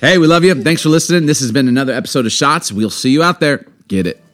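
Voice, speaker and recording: Male podcast host, teasing and jokey, lively swinging pitch, laughs a lot. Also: fast, over music. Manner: joking, teasing, laughs often. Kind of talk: casual chat.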